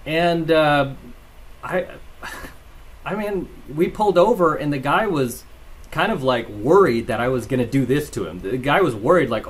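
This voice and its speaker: A man's voice: on the high side, animated, moderate pace, breathy edge. Rambling man with a vlog. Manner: rambling, tags lines with "right?"; laughs while telling stories. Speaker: channel host. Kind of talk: casual commentary vlog.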